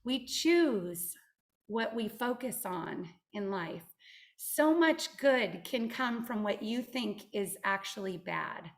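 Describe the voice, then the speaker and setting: A woman guest speaker giving a motivational talk on a video call, telling stories in an animated, emphatic way. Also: mid-range voice, takes it slowly. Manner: animated storytelling, direct and emphatic.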